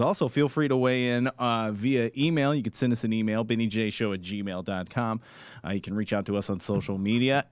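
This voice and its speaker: A man co-hosting a podcast, reading plugs and news items in a brisk, wry, upbeat way. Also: on the low side, clean tone, no room sound. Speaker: podcast co-host and producer. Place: podcast studio.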